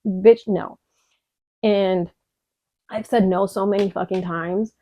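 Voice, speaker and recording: A woman's voice: medium pitch, steady tone, a little slow, mellow. A young woman from Chicago telling her story in a candid vlog, emotional and profane, rambling with lots of fillers. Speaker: vlogger. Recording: dull lo-fi dry audio.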